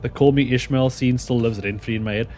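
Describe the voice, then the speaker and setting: A man streaming a video game, chatting casually and excitedly, rambling and laughing as he goes. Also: mid-range voice, brisk, faint music behind. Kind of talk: casual gameplay commentary.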